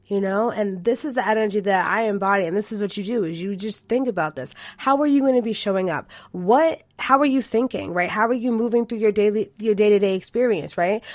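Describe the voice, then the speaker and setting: A woman's voice: medium pitch, no room sound. A young adult woman hosting a spiritual self-help podcast, coaching listeners in an affirming tone and often checking in with "okay" and "right". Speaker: podcast host.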